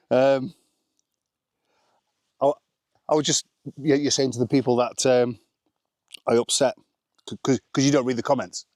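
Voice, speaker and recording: A man's voice: medium pitch, steady tone, unhurried, long pauses, a little mellow, dry recording, studio quality. A man vlogging casually outdoors on a rural smallholding, rambling and self-deprecating, with lots of "um" and "anyway" fillers. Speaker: vlogger sharing family life abroad. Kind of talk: casual chatty vlog.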